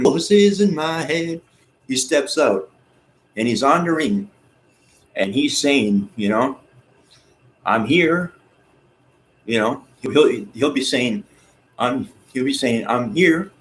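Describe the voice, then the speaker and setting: A man vlogging in a rambling, excitable monologue, with some swearing. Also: mid-range voice, low-quality recording. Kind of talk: casual monologue.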